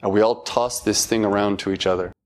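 A middle-aged man giving a reflective talk, thoughtful and halting, with self-deprecating laughs. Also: fairly low pitch, steady tone. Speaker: dharma talk speaker.

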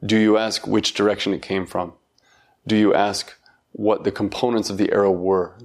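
A middle-aged man giving a reflective talk, thoughtful and halting, with self-deprecating laughs. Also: fairly low pitch, flat delivery. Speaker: dharma talk speaker.

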